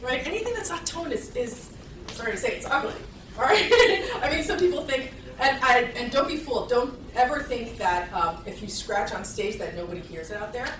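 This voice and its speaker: A woman's voice: a little high, lively intonation, moderate pace, recorded from a distance, noisy background. A woman teaching a violin master class, encouraging and chatty, singing phrases to show how they should sound. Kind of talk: live master class coaching. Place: concert hall with audience. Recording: echoey hall, voice from afar. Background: violin playing.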